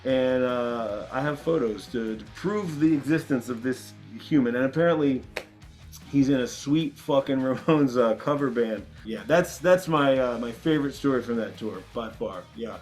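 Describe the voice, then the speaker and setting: An animated man telling a rowdy story with plenty of swearing and acted-out voices. His pitch sits in an ordinary middle range, and faint music runs underneath. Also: normal speed. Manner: animated, profane anecdote telling. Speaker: band member, interview guest. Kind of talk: casual storytelling.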